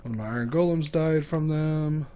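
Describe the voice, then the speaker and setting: Nervous, fast-talking man commenting on gameplay. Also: on the high side, warm tone, clean tone, dull audio. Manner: quick, nervous, self-talking, exclaiming. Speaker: gaming YouTuber.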